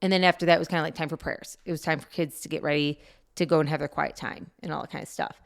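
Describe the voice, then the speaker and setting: A middle-aged woman co-hosting a parenting podcast in casual chat, gently advising. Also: sits low, fast talker, vocal fry. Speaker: podcast co-host.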